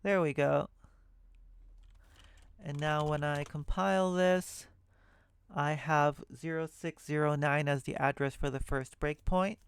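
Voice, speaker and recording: Slow, gravelly-voiced man thinking aloud while coding. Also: on the high side, fairly even intonation, no echo. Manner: thinking aloud, self-correcting, muttering asides. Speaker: programming tutor. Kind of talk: screen-recorded coding walkthrough.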